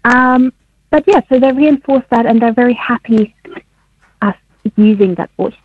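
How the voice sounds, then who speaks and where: A woman's voice: on the high side, moderate pace, breathy edge, no echo. A woman researcher interviewed on the radio over the phone, who explains things simply and laughs often. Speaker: guest researcher. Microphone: phone line. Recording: tinny phone line on radio.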